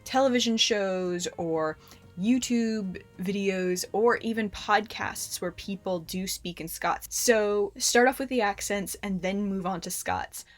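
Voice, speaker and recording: A woman's voice: medium pitch, unhurried, soft background music. A woman vlogger chatting casually to camera in a friendly way, speaking directly to her viewers.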